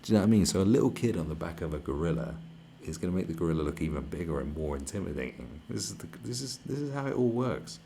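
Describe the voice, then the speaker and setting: A man's voice: low-pitched, animated, fast talker, vocal fry, dark tone, a little hiss or hum. A young man hosting a livestream, ranting in a rambling, crude, mock-outraged way and slipping into mocking voices. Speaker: livestream host. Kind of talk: profane comedic rant on a livestream.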